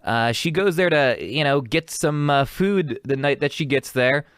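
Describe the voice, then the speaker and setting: A man's voice: fairly high pitch, unhurried, fairly bright tone, clear, resonant tone, no room sound, clean studio sound. A young man hosting a podcast, chatting casually and rambling with fillers, swearing now and then. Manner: rambling, profane, mimics characters in mocking voices. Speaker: podcast host. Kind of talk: casual solo chat.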